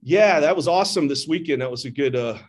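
A man's voice: fairly high pitch, animated, quick pace, lightly acted. A man quoting a chirpy male newcomer. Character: upbeat young male newcomer, friendly.

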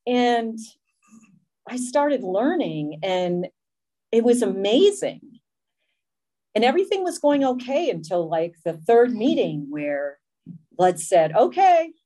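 A woman's voice: medium pitch, sing-song, measured pace, mellow, rough recording. A woman giving a candid, self-deprecating personal testimony about her recovery. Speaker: speaker sharing a recovery story.

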